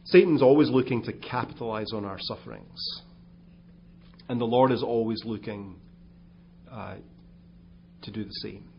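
Guy pastor preaching, gravelly low voice, talks loose with asides, faint hum, kinda muffled. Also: moderate pace, pauses often. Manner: conversational, with asides and restarts. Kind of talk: sermon talk.

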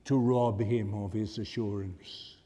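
A preacher delivers his sermon slowly and deliberately in a dark, mellow, lowish voice with fairly even intonation. He builds to fervent emphasis, then sinks to a hush, and a long reverb carries the sound as in a church hall.

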